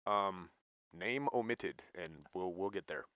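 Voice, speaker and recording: Upbeat jokey podcast co-host, a man with a bright voice, recorded dry. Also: deep voice, takes it slowly, clean tone, no echo. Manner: playful, jokey, breaks into shouts and laughs. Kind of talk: casual comedic chat.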